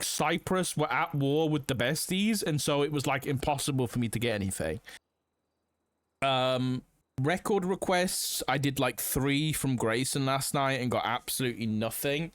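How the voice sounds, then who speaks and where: A man's voice: mid-range voice, no room sound. Casual rambling male streamer. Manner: rambling, swearing, many fillers. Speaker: roleplay game streamer.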